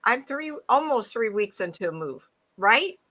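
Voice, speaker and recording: A woman psychic with a bright, forward voice talks to an online audience in a loose, anecdotal way. She laughs easily and speaks through earbuds from her home. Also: fairly high pitch, big pitch swings, measured pace. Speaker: psychic medium guest speaker. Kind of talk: casual talk to an online audience. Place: home, mid-move.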